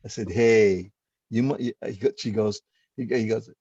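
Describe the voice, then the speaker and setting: A man tells a story in an animated way, acting out both sides of a conversation. His voice is gravelly with a slight husk, at a middle pitch. He sounds dry and a little muffled, like lo-fi video call audio. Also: normal speed, no room sound. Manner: animated storyteller who acts out quoted exchanges. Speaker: host. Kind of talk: casual storytelling chat.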